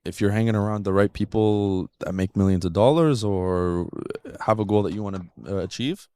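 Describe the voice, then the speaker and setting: Low-voiced man, blunt podcast talker, dry sound. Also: moderate pace, warm tone, smooth, dry recording. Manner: blunt and emphatic, swears casually. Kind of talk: casual chat.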